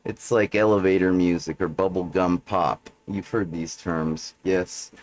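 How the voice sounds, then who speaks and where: A man's voice: low voice, steady tone, measured pace. A man hosting a livestream, talking in a meandering monologue full of fillers, with frequent "right?" check-ins. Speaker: livestream host. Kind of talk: rambling monologue.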